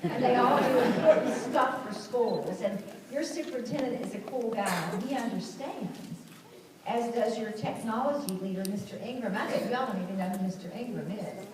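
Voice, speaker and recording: A woman's voice: fairly high pitch, normal speed, background noise. A woman governor, giving a folksy speech to schoolchildren at an assembly, explaining things simply. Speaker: state governor. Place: school assembly hall, indoors. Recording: echoey hall from far off.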